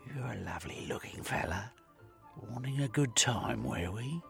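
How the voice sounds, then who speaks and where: A man voicing a seductive, predatory cat-headed woman who speaks in a breathy, teasing, purring whisper. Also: medium pitch, animated, normal speed, fairly bright tone, soft background music, voice pushed up.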